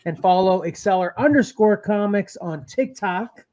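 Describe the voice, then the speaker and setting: A man's voice: high voice, normal speed, darkish tone. A man co-hosting a casual podcast chat, talking loosely with frequent laughs and trailing phrases. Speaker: co-host.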